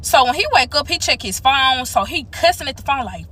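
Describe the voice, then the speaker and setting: A woman telling a personal story to viewers in a casual, animated and profane way. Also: fairly high pitch, fairly quick, hardly any pauses.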